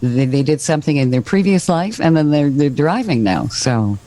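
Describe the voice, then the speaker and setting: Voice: mid-range voice, animated, moderate pace, warm tone, slight background noise. A podcast host interviewing a guest, friendly and affirming.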